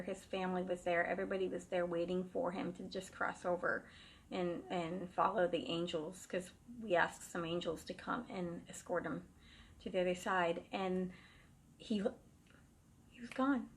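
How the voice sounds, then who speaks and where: A woman's voice: fairly low pitch, a bit bright. A woman telling a true ghost story in a casual, rambling way, full of fillers and restarts. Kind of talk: casual first-person storytelling.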